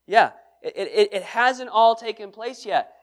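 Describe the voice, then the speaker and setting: Guy preaching, reads verses out loud then asks the room questions. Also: high voice, expressive, measured pace. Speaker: pastor. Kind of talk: sermon.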